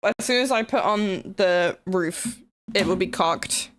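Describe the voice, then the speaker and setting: A woman's voice: medium pitch, slow. A woman streaming live, chatting casually and teasingly with her viewers. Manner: confused, teasing, talking to chat. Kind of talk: casual livestream chat.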